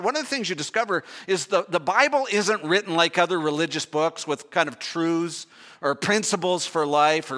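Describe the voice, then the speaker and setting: A man's voice: high voice, sharp tone. An older man preaching a sermon, earnest and emphatic, asking his listeners rhetorical questions and often restarting his phrases. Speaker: pastor.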